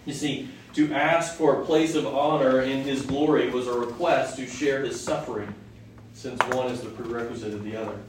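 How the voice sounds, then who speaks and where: A man's voice: medium pitch, fairly even intonation, moderate pace. Male preacher, conversational teaching sermon, heavily echoing hall, mic well away from him. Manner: conversational, asks the audience questions. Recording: echoey hall from far off, faint noise.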